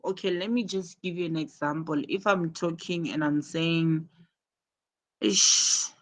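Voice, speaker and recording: A woman's voice: low-pitched, steady tone, moderate pace. A woman teaching a live online English class over a video call, explaining patiently and working through repeated examples.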